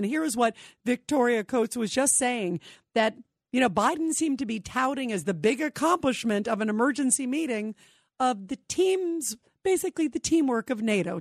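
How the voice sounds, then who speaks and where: Opinionated woman radio host, animated and emphatic, dry studio voice. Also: a little high, moderate pace, dry recording. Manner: animated, emphatic, repetitive for effect. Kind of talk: opinionated talk radio commentary.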